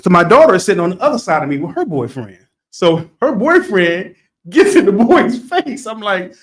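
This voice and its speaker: A middle-aged man co-hosting a podcast, telling a story in a casual, animated way that turns loud as he retells it. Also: high voice, normal speed. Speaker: podcast co-host.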